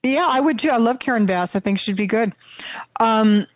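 Higher-pitched woman, political chat show cohost, wry and animated, dry close sound. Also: moderate pace, dry recording. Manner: reads listener comments aloud, wry and animated. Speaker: co-host.

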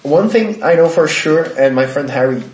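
A man's voice: on the high side, animated, normal speed, darkish tone. A man with a Brazilian accent who speaks English as a second language, stumbling and repeating words as he searches for phrasing in casual chat. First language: Portuguese. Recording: echoey room, faint noise.

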